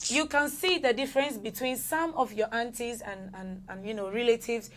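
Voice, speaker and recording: A woman's voice: a little high, moderate pace, a bit bright. A woman, speaking earnestly and reflectively as a guest in a casual podcast chat.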